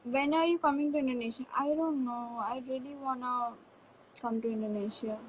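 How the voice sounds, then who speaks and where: A woman's voice: sits high, steady tone, fairly quick, slight background noise, low-quality recording. A woman hosting a casual live stream, chatty and upbeat, reading fan comments aloud into a phone.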